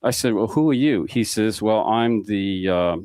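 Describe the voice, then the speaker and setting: A man's voice: lowish voice, normal speed, darkish tone, smooth, no room sound. A man guest on a podcast, telling a rambling anecdote and acting out the dialogue as he goes. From Mississippi Gulf Coast. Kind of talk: casual storytelling.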